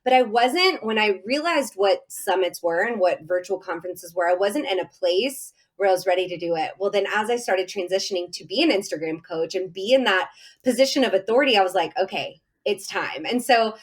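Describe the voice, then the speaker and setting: A woman guest on a podcast, telling her story in an animated, effusive way with lots of fillers. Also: mid-range voice, a little fast. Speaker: podcast guest, summit host. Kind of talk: casual podcast interview.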